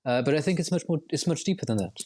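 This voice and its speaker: A man's voice: fairly high pitch, animated, racing, warm tone. A man as a podcast guest, explaining at length in a reflective, winding way with frequent restarts. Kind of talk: podcast interview.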